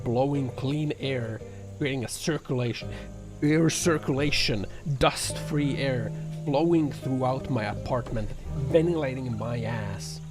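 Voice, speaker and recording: A man streaming live and chatting with viewers, sarcastic and profane, rambling with lots of fillers. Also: medium pitch. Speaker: livestreamer. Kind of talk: casual livestream chat reacting to viewer comments. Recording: music bed under the voice. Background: music playing.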